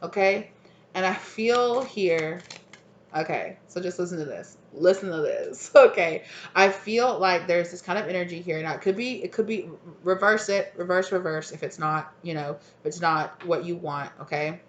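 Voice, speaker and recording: A woman's voice: fairly low pitch, normal speed. A woman giving a casual, rambling tarot card reading, full of fillers and frequent laughs. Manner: rambling, chatty, filler-heavy, laughs often. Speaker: tarot reader. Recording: roomy, slightly dull sound.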